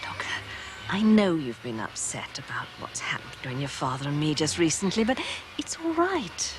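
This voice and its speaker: A woman's voice: sits low, huge pitch swings, normal speed, noisy background. An actress playing a refined, anxious middle-aged mother in a soap opera.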